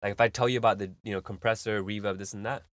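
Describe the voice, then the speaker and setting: A man's voice: fairly low pitch, steady tone, rapid-fire, no room sound, clean studio sound. A man hosting a live stream, giving casual, rambling music feedback full of fillers and vivid analogies.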